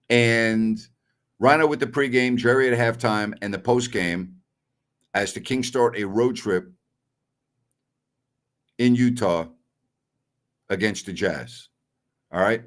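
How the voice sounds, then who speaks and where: A man's voice: mid-range voice, slow, long pauses. A middle-aged man hosting a sports talk stream, answering viewer messages bluntly and with strong opinions. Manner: blunt and opinionated, scoffs at callers.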